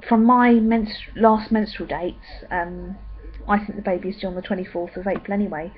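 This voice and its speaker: A young woman chatting in a rambling way with many pauses and ums. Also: mid-range voice, fairly even intonation, dull audio. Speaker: vlogger. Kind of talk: casual pregnancy update vlog.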